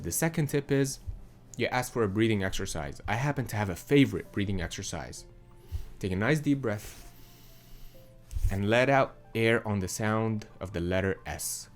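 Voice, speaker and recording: Young male voice coach, lowish voice, calm measured teaching delivery. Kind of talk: instructional explainer.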